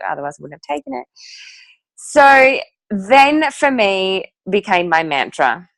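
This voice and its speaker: A woman's voice: medium pitch, expressive, normal speed, no echo. A woman, telling her personal story to an audience in a chatty, emphatic way. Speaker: guest speaker sharing a testimonial.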